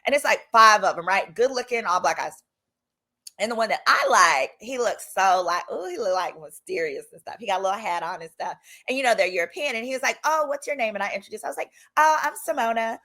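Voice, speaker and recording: A woman attorney hosting a casual storytime vlog, with a strong accent and an animated, chatty delivery that slips into voices for dialogue. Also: mid-range voice, quick pace. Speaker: attorney and channel host.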